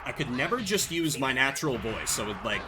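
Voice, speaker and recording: A man's voice: mid-range voice, sing-song, a little fast, noisy background. A young man streaming a game, telling rambling stories full of fillers in a casual chat. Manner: chatty, rambling storytelling with many fillers. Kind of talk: casual gameplay commentary.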